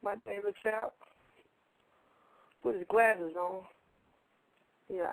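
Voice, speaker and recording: A man's voice: sits high, fairly even intonation, slow pace, vocal fry, low-quality recording. A man co-hosting a radio show, telling a story casually in a rambling, colloquial way and repeating his phrases.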